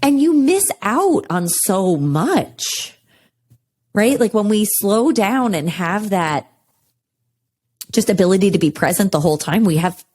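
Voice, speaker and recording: A woman's voice: mid-range voice, lively intonation, measured pace, darkish tone, breathy edge. A woman hosting a podcast, thinking aloud in reflective casual chat. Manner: reflective, uses many fillers. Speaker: podcast host.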